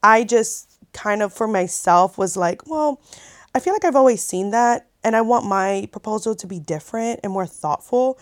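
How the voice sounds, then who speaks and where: A woman's voice: medium pitch, no room sound, clean studio sound. A woman in her thirties telling a story in a casual, chatty vlog, full of fillers and swearing. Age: 30s. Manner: chatty, animated, many likes and swears. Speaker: vlogger.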